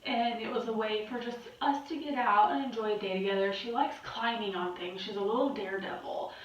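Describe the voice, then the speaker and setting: A woman's voice: mid-range voice, brisk. A young woman talks candidly to her camera, worn out and rambling, with the odd swear word. Her voice rings around a very reverberant room and sounds muffled and dull. She sits well back from the mic. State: exhausted. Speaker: vlogger. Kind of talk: candid personal vlog. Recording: very echoey, distant, muffled.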